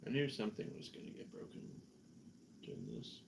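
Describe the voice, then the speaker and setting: A man's voice: fairly low pitch, wildly swooping pitch, fairly quick, gravelly, background noise. A Canadian man chatting in a rambling, self-mocking way while painting miniatures on a stream, a little tipsy. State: tipsy from drinking. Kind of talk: casual chat while painting.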